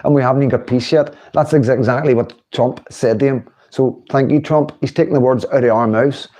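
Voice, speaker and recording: A man's voice: medium pitch, steady tone, brisk, darkish tone. A middle-aged man, hosting a casual livestream, chatting and laughing while he mocks politicians. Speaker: livestream host.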